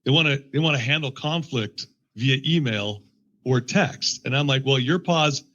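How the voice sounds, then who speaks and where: A man who works as an executive coach, speaking as a guest from his basement home studio in an enthusiastic, animated way. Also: mid-range voice, moderate pace, dull audio. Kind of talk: conversational interview.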